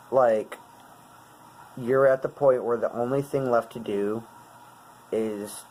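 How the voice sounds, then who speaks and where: Young guy vlogging, earnest n kinda halting, normal mid voice, little bit of background hiss. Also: mid-range voice, a little mellow, low-quality recording. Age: 20s. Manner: earnest, halting, searching for words. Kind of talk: casual talk explaining song lyrics.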